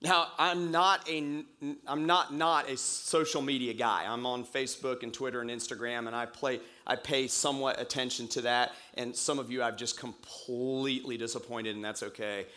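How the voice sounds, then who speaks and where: A pastor recovering from a cold, preaching a conversational sermon in church and repeating key phrases slowly for emphasis. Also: male voice, medium pitch, steady tone, bright, forceful tone.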